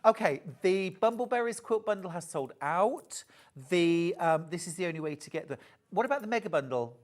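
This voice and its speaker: A man with a high, expressive voice and a brisk pace hosts a live TV shopping sale. He's chatty and gushing, reading out viewers' messages and calling them darling.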